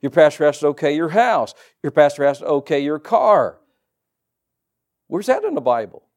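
A man's voice: a little high, big pitch swings, moderate pace, a little mellow. A middle-aged man preaching a sermon as pastor, folksy and joking asides to the congregation.

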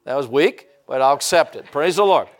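An older pastor from Indiana preaches with an animated, fairly high-pitched voice, moving a little fast. His manner is folksy, and he regularly calls out for amens.

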